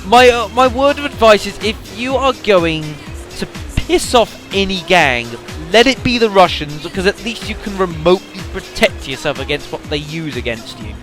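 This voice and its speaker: A man's voice: high voice, lively intonation, normal speed, hardly any pauses, over music. A young man giving rambling, casual commentary on a game he is playing, with fillers and sudden exclamations. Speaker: let's play commentator.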